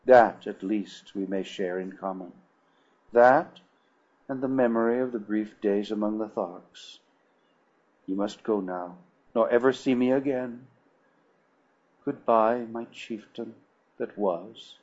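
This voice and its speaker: A man's voice: lowish voice, a little mellow, lo-fi sound. A man reading as Dejah Thoris, sorrowful princess. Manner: formal, measured, old-fashioned speech. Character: sorrowful dignified Martian princess, a young woman. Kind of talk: audiobook reading.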